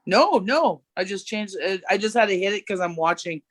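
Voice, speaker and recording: A woman's voice: mid-range voice, animated, normal speed, a bit bright, no room sound. A woman from Canada talking as a podcast guest over a video call, joking bluntly and swearing freely. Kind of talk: casual chat.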